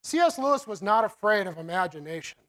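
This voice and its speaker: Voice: mid-range voice, sing-song, quick pace, fairly bright tone, low-quality recording. Chatty preacher, loose and laughing, trips over words, unscripted sermon. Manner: rambling, many restarts and fillers, laughs often. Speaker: preacher teaching about the children's ministry.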